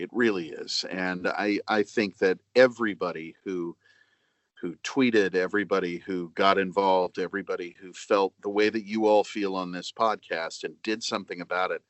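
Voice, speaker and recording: A man talking as a voice actor guest on a podcast, chatty and self-deprecating with halting restarts. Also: deep voice, fairly bright tone, dry recording. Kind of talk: casual podcast chat.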